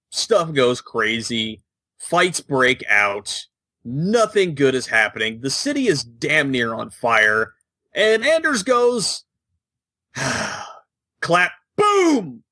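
A man co-hosting a casual gaming podcast, telling the story with animated jokes. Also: medium pitch, no echo. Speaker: podcast co-host.

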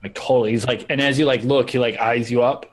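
A man's voice: medium pitch, fairly even intonation, fast. A man running a tabletop game as game master, rambling casually with lots of "like" and filler. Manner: rambling, heavy use of "like", laughing asides.

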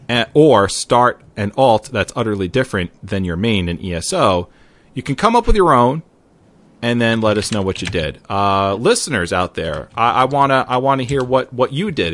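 A man hosting a casual gaming podcast, chatty and easily excited, with loose mild swearing. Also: lowish voice. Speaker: podcast host.

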